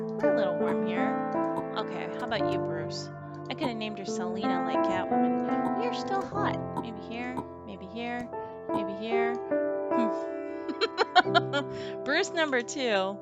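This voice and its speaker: Woman, gameplay commentary, relaxed slow delivery, fairly high voice, music in the background. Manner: chatty and unhurried, laughs often. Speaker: game streamer. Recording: music playing under the voice.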